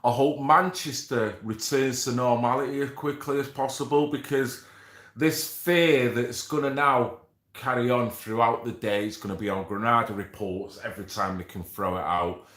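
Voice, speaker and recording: A man hosts a casual livestream, chatting with viewers in a loose, joking way, often swearing. His voice sits at a middling pitch. The room gives it a noticeable echo. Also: steady tone, moderate pace, fairly bright tone. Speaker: livestream host. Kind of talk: casual livestream chat reading comments.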